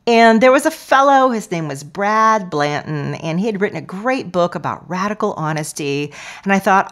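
A woman hosting a podcast, talking in a playful, expressive way and sometimes dropping to a soft near-whisper. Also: mid-range voice, moderate pace. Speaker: podcast host. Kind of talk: podcast intro monologue.

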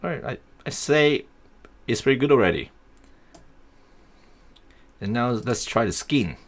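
A young man casually talking through a software tutorial, thinking aloud as he works. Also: mid-range voice, animated, measured pace. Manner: easygoing, thinking aloud while working. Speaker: tutorial host.

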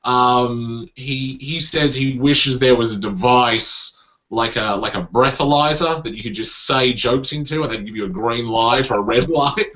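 A man's voice: mid-range voice, a little slow, pushed and bright, muffled recording. A man with an Australian accent, a comedian chatting casually in an interview, self-deprecating and acting out crowd reactions. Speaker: comedian guest.

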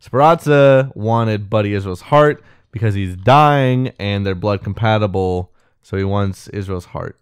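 A man's voice: on the low side, a little slow, clean tone, dry recording, clean studio sound. A man co-hosting a podcast, casually retelling a film plot and acting out the characters' lines. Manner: animated retelling, acts out quoted lines, swears casually. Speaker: podcast co-host.

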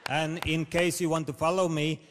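A man with a foreign accent doing deadpan, absurd one-liners on a talent-show stage, with awkward pauses and chuckling at his own jokes. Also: a little high. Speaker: stand-up comedian contestant. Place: large theatre stage. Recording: reverberant hall with loud noise.

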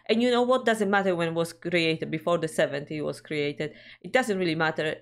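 Reflective Polish woman, low voice. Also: brisk. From Poland. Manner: hesitant, reflective, searching for words. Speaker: co-host reacting to music. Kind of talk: casual chat.

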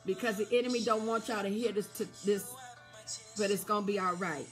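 A woman preacher giving a sermon, repeating refrains and asking the congregation if they hear her, building up to shouts. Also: medium pitch, steady tone, brisk, faint music behind.

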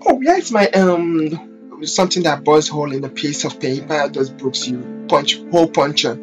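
Brief: someone putting on a fake-sweet, condescending woman coworker, high singsong lilt, faint guitar behind. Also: expressive, normal speed. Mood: sugary. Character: smug condescending female coworker, sugary.

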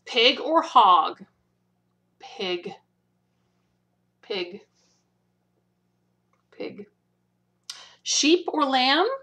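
A woman's voice: on the high side, expressive, sharp tone. A woman teaching signs in a video lesson, patient, demonstrating each one and often checking in with "okay?". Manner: demonstrates slowly, repeating each word. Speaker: sign language teacher.

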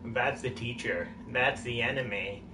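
A man's voice: medium pitch, measured pace. Man streaming a game, roomy and distant. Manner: jokey, jumpy outbursts. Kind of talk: casual gameplay commentary. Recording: roomy, distant mic, noisy.

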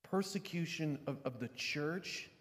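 A pastor giving a sermon, dropping to quiet, low reflection and rising to loud, emphatic preaching. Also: male voice, measured pace, big-room sound.

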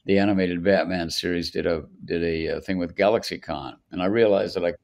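A man's voice: sits low, steady tone, a little fast, gravelly, a little mellow. An older man, a songwriter guest on a podcast, telling long anecdotes with many restarts. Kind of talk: storytelling in a podcast interview.

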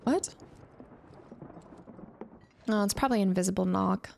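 A young woman streaming a video game, chatty and excitable, thinking aloud as she plays. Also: medium pitch, measured pace, gravelly, a little hiss or hum. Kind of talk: casual let's-play commentary.

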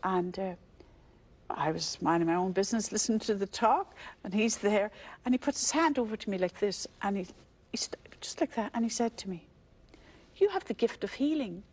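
Here a religious sister, an older Irish woman with an Irish accent, relates the story of her vocation during a conversational interview. Her mid-range voice is a little fast and a little mellow, and she acts out the voices while laughing easily.

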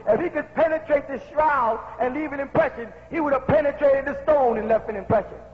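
A man preaching a sermon, pressing his listeners with rhetorical questions and quoting scripture slowly for emphasis. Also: extremely high pitch. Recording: dull lo-fi tape in a reverberant hall.

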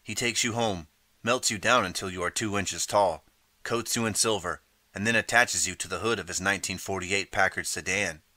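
A man reading a second-person interactive audiobook in steady, measured narration. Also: low voice, no room sound.

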